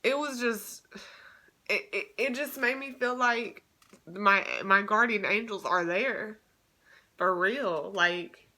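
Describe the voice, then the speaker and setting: A woman's voice: mid-range voice, slow, pushed and bright. A young woman telling a story in a casual vlog, chatty and emotional, with many restarts. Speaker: vlogger.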